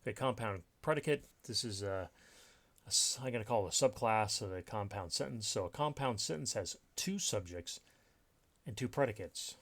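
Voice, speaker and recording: A man's voice: fairly low pitch, lively intonation, moderate pace, fairly bright tone. A man teaching a recorded grammar lesson over slides, explaining step by step with many fillers and restarts. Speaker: writing instructor.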